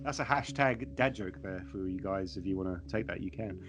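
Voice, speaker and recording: A man's voice: low-pitched, brisk, fairly bright tone, faint music behind. A man co-hosting a podcast who chats casually about a TV show, cracks dad jokes and puts questions to his co-host. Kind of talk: casual TV recap chat.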